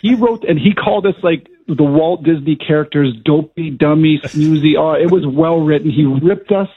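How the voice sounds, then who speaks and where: A middle-aged former hockey player, now a color analyst, chats and tells stories in a radio interview, laughing often. His voice is fairly high, slightly rough and moderately paced, heard over a tinny phone line with faint music behind.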